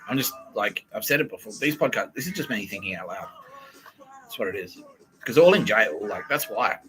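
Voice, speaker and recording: Male podcast host, low-pitched, rambling and profane, laughs often, faint music underneath. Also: animated, a little fast, low-quality recording. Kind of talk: rambling solo monologue.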